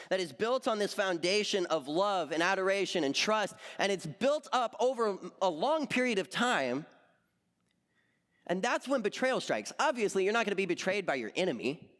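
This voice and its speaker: A man's voice: high voice, a bit bright, long reverb tail. A man in his twenties giving a casual youth sermon as associate youth pastor, telling stories animatedly with lots of fillers.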